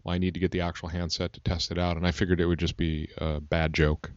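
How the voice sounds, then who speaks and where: A man co-hosting a casual podcast, excitable and stammering with repeats. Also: deep voice, fast talker, dry recording, lo-fi sound. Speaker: podcast co-host.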